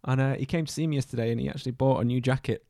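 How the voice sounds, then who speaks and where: A man's voice: medium pitch, steady tone, very fast, gravelly, dark tone, no echo, clean studio sound. A man co-hosting a casual podcast, telling a story in a jokey, rambling way. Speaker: podcast co-host.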